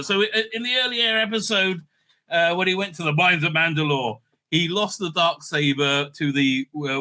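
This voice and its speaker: A man's voice: on the high side, pushed and bright. A man hosting a casual, sardonic episode recap, rambling with many fillers and restarts. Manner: sardonic, mocking. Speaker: host.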